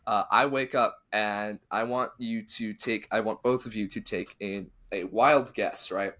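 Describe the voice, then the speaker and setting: Bright-voiced man telling a spooky story. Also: lowish voice, measured pace. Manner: animated, acts out quotes of the people in his story. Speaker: podcast host telling a story. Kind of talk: casual storytelling chat.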